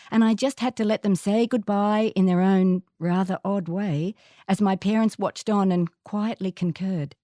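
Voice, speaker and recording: An older woman with an Australian accent reading her own life story aloud, measured and reflective. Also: medium pitch, dark tone, no echo, studio quality. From Northern England, raised in Queensland. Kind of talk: first-person story reading.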